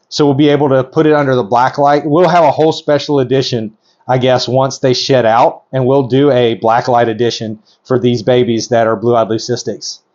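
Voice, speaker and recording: A middle-aged man narrating a hands-on video as a reptile breeder, excited and gushing, rambling with lots of ums. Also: mid-range voice, dull audio.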